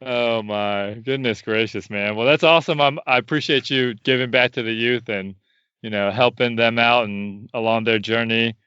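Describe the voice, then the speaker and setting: Clear-voiced podcast host, dry sound. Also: male voice, medium pitch, moderate pace, pushed and bright, dry recording, lo-fi sound. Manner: friendly, lots of fillers and restarts. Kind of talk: casual interview.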